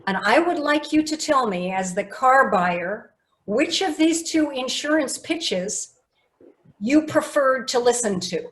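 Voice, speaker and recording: A woman leading an online public speaking workshop over a video call, lively and coaxing, reading participants' answers aloud. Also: high-pitched, slow pace. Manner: lively, coaxing and emphatic, reads chat replies aloud.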